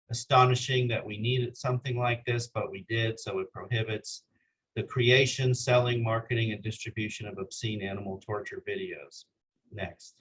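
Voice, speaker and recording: Male presenter at a legal seminar, mid-pitched voice, earnest, works through slides with some hesitation. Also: a bit bright, low-quality recording. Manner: earnest, with frequent hesitations and calls for the next slide. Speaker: continuing legal education presenter.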